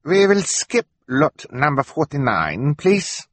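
A man doing a treacherous auctioneer with a raised, slow voice, feigning broken English with exaggerated politeness. The delivery is husky and drawn out, recorded dry and close. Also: on the high side, big pitch swings, no echo, pitched above the performer's own voice, full character voice. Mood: scheming. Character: sly scheming foreign male auctioneer.

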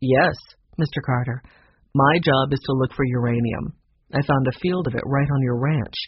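Narrator plays a reassuring young man, gravelly and calm, on a dry, dull recording. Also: medium pitch, normal speed, dry recording, natural voice. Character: friendly, tall young prospector man.

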